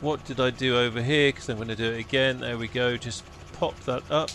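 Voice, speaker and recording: A man's voice: mid-range voice, steady tone, a little fast. Chatty man over engine noise. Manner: chatty, self-mocking, talks himself through checks. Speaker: flight sim streamer. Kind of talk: live-streamed flight sim commentary. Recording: loud helicopter engine noise behind voice.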